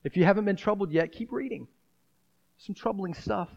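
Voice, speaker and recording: A man's voice: sits high, moderate pace, vocal fry, highs cut off. A man preaching a sermon in a conversational style, breaking into dramatic acted asides. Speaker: pastor.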